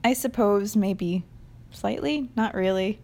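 A woman's voice: mid-range voice, takes it slowly. A young woman with a New England accent, chatting casually through an accent challenge with many fillers and light laughs. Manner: chatty, hesitant, with frequent fillers and soft laughs. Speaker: vlogger answering an accent challenge. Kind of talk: casual chat.

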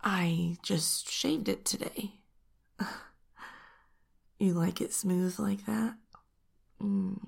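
A woman playing a husky, slow-whispering seductress. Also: lowish voice, sing-song, full character voice. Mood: breathless, intimate. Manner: teasing, playful, sneaky whispering with soft giggles. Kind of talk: whispered role-play.

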